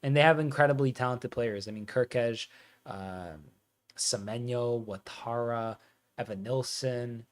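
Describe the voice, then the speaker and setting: Excitable man commentating a football watch-along. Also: medium pitch, unhurried. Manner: excitable fan commentary, reads out scores and reacts to chat.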